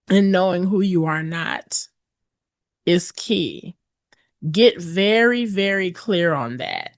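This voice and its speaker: Slow, emphatic woman podcast host. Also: no echo, clean studio sound. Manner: emphatic, repeats "okay?" to the listener; acts out hesitant voices with big pitch jumps. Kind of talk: motivational podcast talk.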